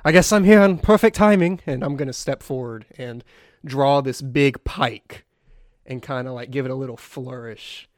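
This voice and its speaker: A man's voice: medium pitch, moderate pace, no echo, studio quality. Easygoing man playing a tabletop game. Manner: easygoing, describes actions step by step. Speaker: player. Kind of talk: tabletop role-play chat.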